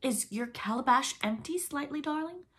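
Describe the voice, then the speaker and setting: A woman voicing a motherly girl who acts as a proper little housewife, prim and scolding with a raised pitch. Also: animated, normal speed, a bit bright.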